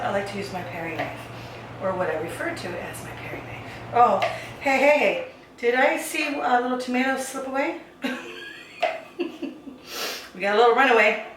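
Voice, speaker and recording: A woman's voice: on the high side, a bit bright, a little hiss or hum. A woman hosting a casual home cooking demonstration, chatting to viewers as she chops vegetables. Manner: chatty, talks to viewers while chopping. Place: home kitchen. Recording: very echoey kitchen, far from mic, dish clatter.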